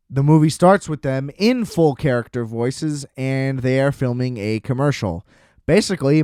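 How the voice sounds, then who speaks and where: A man in his twenties hosting a podcast, giving a loose, animated movie review with casual swearing. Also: mid-range voice, clean tone, dry recording, clean studio sound. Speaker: podcast host.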